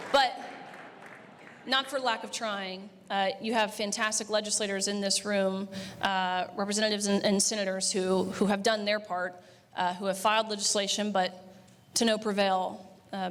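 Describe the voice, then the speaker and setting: A woman's voice: medium pitch, a bit bright, a little hiss or hum. A young woman in her twenties giving a banquet speech, conversational and blunt, with frequent filler words. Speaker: banquet speaker. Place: banquet hall. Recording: reverberant banquet hall.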